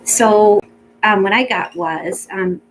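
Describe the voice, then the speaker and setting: A woman gives a casual pet psychic reading, rambling and chatty with plenty of ums, yet gentle and reassuring. Her mid-range voice moves slowly over soft background music in a low-quality recording.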